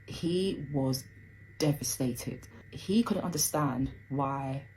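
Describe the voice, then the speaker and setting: A woman's voice: very deep voice, darkish tone, slight background noise, low-quality recording. A young woman telling a personal story in a casual, emotional rush, full of fillers. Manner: emotional, fast, breathless retelling with many fillers.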